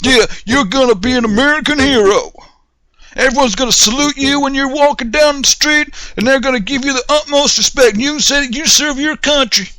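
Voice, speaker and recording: A man's voice: extremely high pitch, level tone, brisk, hardly any pauses, no room sound, voice pushed up, heavily acted, rough recording. A bullying drill sergeant bellows at his recruits in a strained, sharply raised voice, as a man puts him on. He barks and mocks at full force. The sound is dry and close. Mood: mock praise. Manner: shouting, mocking. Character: bullying male military drill sergeant, barking orders.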